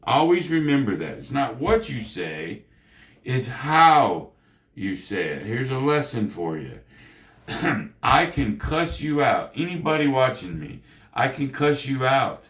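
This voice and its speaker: A man's voice: mid-range voice, sing-song, measured pace, a bit bright, echoey room. A man hosting a gambling channel, talking late at night in a casual, slangy monologue and lecturing the viewer in a folksy way.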